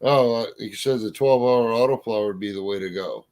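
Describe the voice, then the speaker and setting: A man's voice: lowish voice, a little fast, darkish tone. A man in a casual chat, telling folksy stories with a drawl and mild cursing. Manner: folksy storyteller, drawling, swears mildly.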